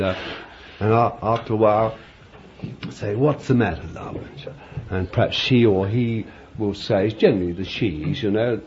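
A man's voice: mid-range voice, dark tone. An older man preaching a sermon, emphatic and chuckling often, repeating his phrases. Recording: dull lo-fi recording with faint background noise.

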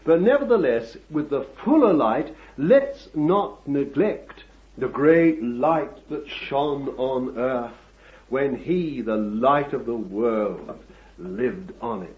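A man preaching a sermon, with drawn-out emphatic phrasing and asides to the congregation that build to forceful preaching. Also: medium pitch, lively intonation. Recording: dull lo-fi sermon recording.

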